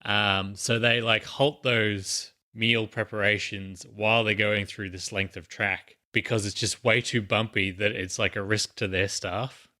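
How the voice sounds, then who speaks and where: A man's voice: on the low side, steady tone, unhurried, hardly any pauses, bright, forceful tone. A man co-hosting a podcast, explaining a news story in casual chat with many fillers and restarts. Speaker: podcast co-host.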